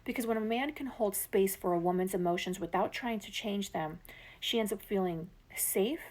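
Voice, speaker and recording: A woman giving a motivational relationship talk to men, speaking softly and coaxingly, slipping into whispers and checking in with the listener. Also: medium pitch. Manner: soft, slow, coaxing delivery with whispered phrases. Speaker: relationship coach.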